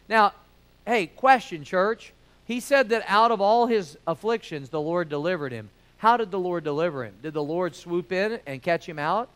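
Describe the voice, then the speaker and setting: A middle-aged man, preaching a sermon in a folksy storytelling manner that swings between loud emphasis and quiet asides. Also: high voice, normal speed, clear, resonant tone, low-quality recording. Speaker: pastor.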